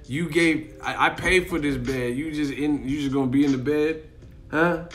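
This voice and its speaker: A man's voice: on the high side, fairly even intonation, moderate pace, fairly bright tone. A man chatting casually on a live stream, rambling, swearing and laughing often, talking to his chat. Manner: rambling, profane, laughs a lot, acts out voices. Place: in Miami.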